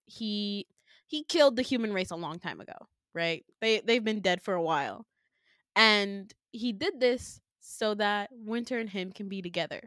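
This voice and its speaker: A young woman hosting a podcast, retelling a story in a casual, animated way with lots of fillers and laughter. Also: medium pitch, dry recording, studio quality. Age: young adult. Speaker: podcast host.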